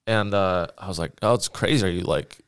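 Animated young man telling stories. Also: low voice, a little fast, clean tone, dry recording. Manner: animated, swearing, acts out quotes. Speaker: podcast co-host. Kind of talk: casual storytelling.

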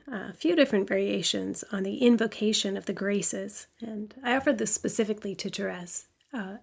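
A woman hosting a podcast, talking in an emphatic, frank way and reading aloud in a measured cadence. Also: mid-range voice, creaky, a little mellow. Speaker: podcast host. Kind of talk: solo podcast commentary and reading.

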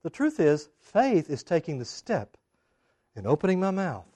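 A man preaching a sermon, acting out the people in the story with big swings in loudness and emphasis. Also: moderate pace. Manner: animated, acts out quoted voices with big swings in pitch and loudness. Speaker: pastor.

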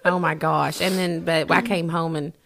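A woman's voice: low-pitched, normal speed, crowd noise. A woman co-hosting a podcast, telling a story in casual chat with frequent laughter. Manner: animated storyteller, laughs often. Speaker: podcast co-host. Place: rural home.

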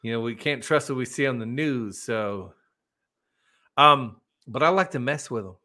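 A male podcast co-host with a bright, forceful voice in a casual chat. He jokes a lot and often laughs. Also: medium pitch, normal speed.

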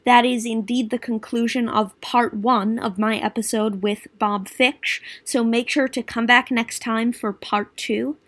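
A woman's voice: fairly high pitch, steady tone, a little slow, few pauses, a bit bright, no echo. A woman hosting a podcast, wrapping up the episode in an upbeat, direct manner. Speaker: podcast host. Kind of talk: sign-off to listeners.

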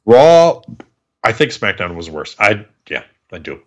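A man's voice: on the low side, very animated, measured pace. A man co-hosting a casual podcast, complaining bluntly and wearily about the show. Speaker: podcast co-host. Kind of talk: casual wrestling podcast chat.

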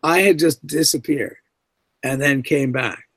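A man's voice: on the high side, a little slow, dry recording. A middle-aged man, a guest actor, telling anecdotes in an interview and acting out the voices he quotes. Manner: animated storyteller who acts out quoted voices.

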